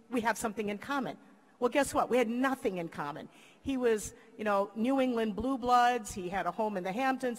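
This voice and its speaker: An older woman from the Philippines giving a commencement speech, telling a lively story and acting out the voices of the people in it. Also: a little high. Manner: lively, acts out quoted voices. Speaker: commencement speaker. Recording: long hall reverb.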